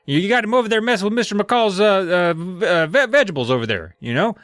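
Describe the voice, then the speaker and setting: A man putting on a frazzled suburban dad who trips over his words as he scolds. His voice jumps high and lively, and it is recorded close and dry. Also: fairly quick, no echo, heavily acted. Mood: exasperated. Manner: stammering, exasperated scolding.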